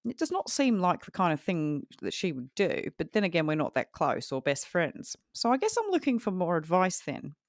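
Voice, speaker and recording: An earnest Australian man, put on by a woman reading his post aloud, tells his worry in a lively, rising and falling voice. The accent wanders between Australian and Kiwi with an odd British twang. It sounds dry and close, with no room around it. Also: fairly low pitch, moderate pace, few pauses, no room sound. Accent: put-on Australian, drifting Kiwi. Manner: earnest storytelling read-out. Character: Australian man asking neighbour advice.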